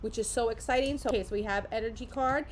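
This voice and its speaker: A middle-aged woman hosting a casual unboxing with her kids, gushing and excitable as she goes. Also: on the high side, quick pace, a little hiss or hum. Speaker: host.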